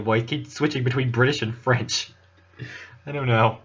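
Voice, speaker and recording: A man's voice: mid-range voice, fairly even intonation, normal speed, pauses often, a bit bright, slightly rough, lo-fi sound. A man reading a visual novel aloud, breaking off with casual, self-mocking asides. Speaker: let's play reader.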